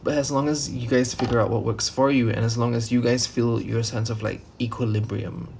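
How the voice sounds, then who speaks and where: A man gives a casual, rambling tarot reading, full of fillers, restarts and the odd curse. His voice sits at an ordinary pitch with a noticeable gravelly fry. A faint hiss of background noise runs under the recording. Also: steady tone, a little fast, a little mellow. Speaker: tarot reader.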